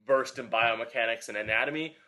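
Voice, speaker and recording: A man's voice: mid-range voice, fairly quick, sharp tone. A young man co-hosting a fitness podcast in casual chat, rambling with lots of fillers as he explains. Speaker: podcast co-host, personal trainer.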